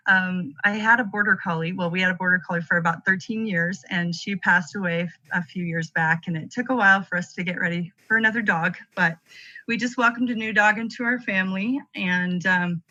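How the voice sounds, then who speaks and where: Woman, friendly and halting, bright tone through lo-fi call audio. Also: mid-range voice. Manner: friendly, hesitant with many fillers. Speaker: guest on a group call. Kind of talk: casual self-introduction.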